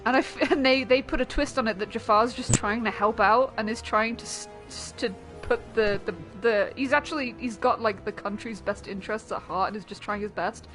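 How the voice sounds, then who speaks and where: A young woman streamer chatting casually while gaming, animated and giggly, swearing freely. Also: on the high side, a little fast, few pauses, music in the background.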